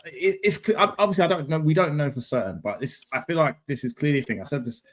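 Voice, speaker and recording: Opinionated man on a podcast. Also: fairly high pitch. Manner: opinionated, quick to interject. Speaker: podcast co-host. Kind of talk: casual wrestling chat.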